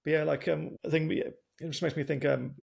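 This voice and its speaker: A man with an Oxford English accent hosting a podcast interview, speaking deliberately and carefully as he tries to keep a slow, clear pace. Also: fairly high pitch, little pitch movement, a little mellow. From England. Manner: deliberate, careful pacing, works to speak slowly. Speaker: podcast host. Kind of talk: casual interview chat.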